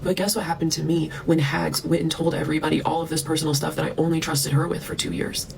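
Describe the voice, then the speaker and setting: A woman's voice: deep voice, level tone, fast, vocal fry, darkish tone, a little hiss or hum, low-quality recording. A woman vlogger delivering a heated, profane rant to camera, breaking into scornful laughs. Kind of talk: ranting monologue to camera.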